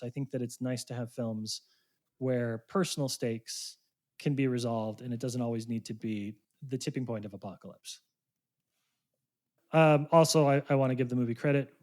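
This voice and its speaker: Relaxed conversational man. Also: mid-range voice. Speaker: podcast host. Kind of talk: casual podcast chat.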